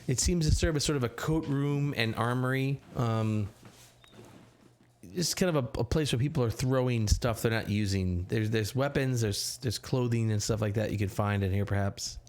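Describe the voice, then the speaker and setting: A man running a tabletop game as game master, describing scenes with many pauses and fillers. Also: mid-range voice, a little mellow. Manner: hesitant, filler-heavy.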